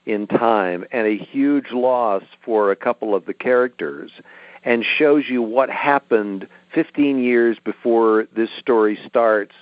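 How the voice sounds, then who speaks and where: A middle-aged man, an author being interviewed, explaining his work in a relaxed, storytelling way. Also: mid-range voice, slow, no room sound. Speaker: author guest. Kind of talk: interview over a phone line. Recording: tinny dry phone line.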